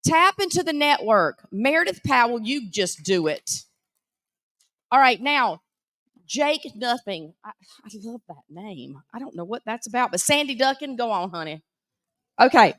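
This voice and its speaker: A woman with a Southern American accent announcing prize winners at a live event, teasing and animated. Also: fairly high pitch, dry recording, clean studio sound. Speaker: auction emcee.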